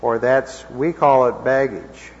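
A man's voice: medium pitch, fairly even intonation, slow. Man teaching scripture in an echoing hall. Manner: conversational, checks in with listeners. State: slightly hoarse. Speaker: preacher teaching a class. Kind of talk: informal Bible teaching. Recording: dull lo-fi recording in a reverberant hall.

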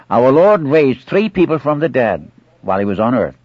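Husky-voiced man preaching a sermon. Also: medium pitch, expressive, moderate pace, dry recording. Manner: earnest, acts out scripture dialogue with pleading asides. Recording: muffled old dry recording.

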